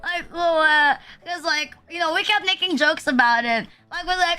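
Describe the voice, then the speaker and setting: A woman's voice: extremely high pitch, animated, brisk, bright, forceful tone, soft background music. A young woman, rambling through a story in a casual chat stream and heaping fillers and self-deprecating asides as she goes. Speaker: VTuber streamer.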